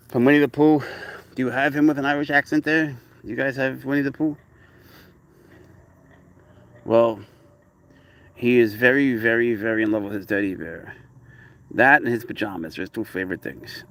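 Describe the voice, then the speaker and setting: A man's voice: medium pitch, fairly bright tone. Chatty man talking to his cat. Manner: rambling, chatty, talks baby talk to his cat. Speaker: cat owner vlogger. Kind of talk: casual outdoor vlog chat. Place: outdoors by a lake.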